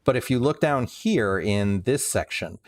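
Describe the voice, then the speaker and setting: A man's voice: mid-range voice, expressive, a little slow. A man livestreaming a building game, rambling casually with many restarts and some dry sarcasm.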